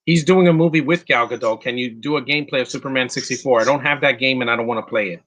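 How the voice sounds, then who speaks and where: A man's voice: mid-range voice, fast talker, fairly bright tone. A man giving casual live commentary on a movie, answering chat questions bluntly with frequent restarts and fillers. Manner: opinionated, blunt, insulting.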